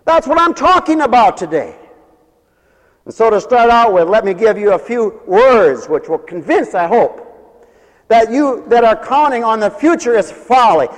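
A man preaching with a high, lively voice that carries through a hall with long reverb. He is a pastor, and he acts out the voices of the people in his stories. He laughs often as he preaches. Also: normal speed. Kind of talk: lively sermon.

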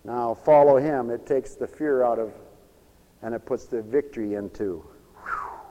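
A man preaching a lively sermon, animated and folksy, swinging between loud exclamations and hushed asides, with laughs between lines. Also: medium pitch, unhurried, lo-fi sound. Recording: long hall reverb.

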